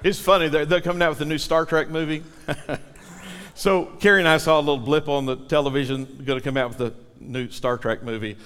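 A man preaching in a church sanctuary, his voice high and bright. He builds to forceful peaks and draws the congregation into repeating lines back to him, with a long reverb trailing behind. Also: steady tone, a little fast, clear, resonant tone. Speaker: pastor. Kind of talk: sermon.

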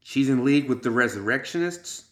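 A man's voice: medium pitch, animated, fairly quick, roomy sound, pitched above the performer's own voice, lightly acted. A man voicing a stern woman warrior with a greatsword in an audiobook. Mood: alarmed. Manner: stern and demanding.

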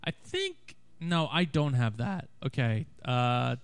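A man's voice: mid-range voice, expressive, slow pace, clear, resonant tone. A man as a podcast guest, chatty but hesitant and apologetic. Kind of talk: casual podcast chat.

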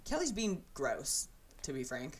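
A woman's voice: deep voice, wildly swooping pitch, a little slow. A young woman co-hosting a podcast, chatting casually and giggling through a reality show recap with lots of fillers. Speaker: podcast co-host.

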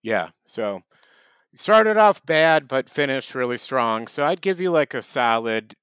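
A man's voice: mid-range voice, sing-song, measured pace, fairly bright tone, clean tone, no echo. A man in the middle of his range, co-hosting a comedy podcast. He lectures and teases his partner in a wry, mock-serious tone. The sound is dry and close to the mic. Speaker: podcast co-host. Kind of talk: casual comedic podcast banter.

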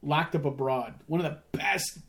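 A man's voice: a little high, normal speed. A man in his thirties, a podcast co-host, telling rambling anecdotes in a laid-back casual chat.

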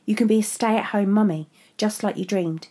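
A woman's voice: medium pitch, normal speed, warm tone, lightly acted. A woman voicing a condescending young husband and father, proud of himself, in a story reading. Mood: smug.

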